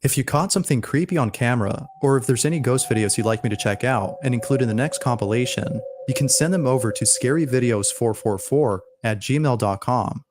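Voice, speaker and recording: A man narrating a compilation of scary videos in a steady, measured, scripted storytelling voice. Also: medium pitch, background noise. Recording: faint music underneath.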